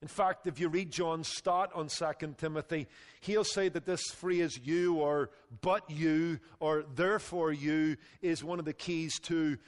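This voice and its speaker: A male pastor preaching a sermon with emphatic delivery that drops low and quiet on key phrases. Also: fairly even intonation, a little slow, in a large hall.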